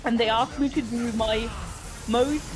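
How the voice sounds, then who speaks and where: A woman's voice: a little high, fairly even intonation, unhurried, poor audio. Woman with music behind. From Germany. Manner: hesitant storytelling, dry jabs. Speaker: co-streamer. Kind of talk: casual group chat.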